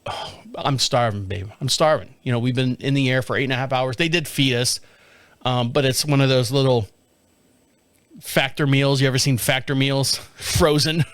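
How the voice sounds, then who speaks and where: A middle-aged man telling a story casually on his podcast, animated and laughing often, with some swearing. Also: mid-range voice, moderate pace, smooth, dry recording. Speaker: podcast host. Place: home studio.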